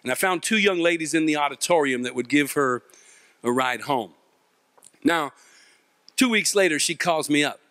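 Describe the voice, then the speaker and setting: Animated man telling a comic story. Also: fairly high pitch, moderate pace, long pauses, no echo, clean studio sound. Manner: animated, self-mocking, acts out voices. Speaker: youth mentor and speaker. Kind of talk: comic storytelling speech to an audience. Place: event stage before a live audience.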